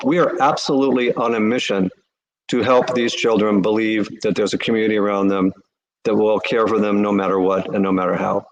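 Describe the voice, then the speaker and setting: A man, a charity CEO, answering interview questions with earnest, animated storytelling. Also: medium pitch, fast, rough recording.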